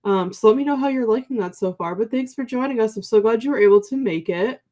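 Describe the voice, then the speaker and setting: A woman's voice: fairly high pitch, fast, mellow. A young woman co-hosting a book livestream, chatting casually in a sleepy morning voice and reading out viewer comments with many ums and likes.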